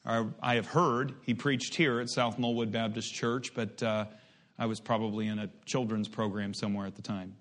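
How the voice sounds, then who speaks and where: A man's voice: lowish voice, level tone. Man preaching a sermon. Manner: reads scripture slowly with rising emphasis; quieter, reflective storytelling. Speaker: pastor.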